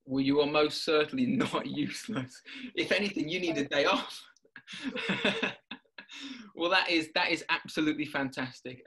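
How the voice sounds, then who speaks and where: A man's voice: mid-range voice, a bit bright. A man interviewing a guest, often repeating words as he restarts and chuckling between questions. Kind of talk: warm-up interview chat.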